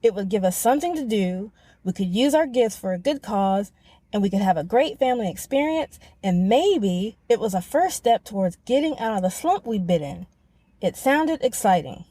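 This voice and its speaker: Mellow-voiced woman telling a personal story. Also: mid-range voice, animated, no echo. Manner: reflective, measured storytelling. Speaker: podcast host. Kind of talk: scripted personal narration.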